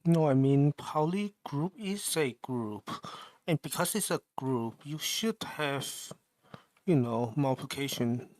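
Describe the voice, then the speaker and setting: A man talks himself through his work on a live stream, mumbling and stopping to question himself. He speaks slowly, at a middling pitch. His voice is close and dry, with no room sound. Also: lively intonation, darkish tone, no room sound. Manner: mumbling, halting and self-questioning. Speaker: livestreamer. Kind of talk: thinking aloud while programming.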